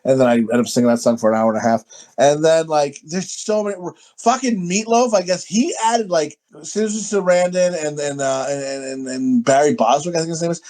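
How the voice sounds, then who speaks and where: A man co-hosting a casual podcast chat, crude, rambling and excitable, often talking over others. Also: on the high side, fairly quick. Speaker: podcast co-host.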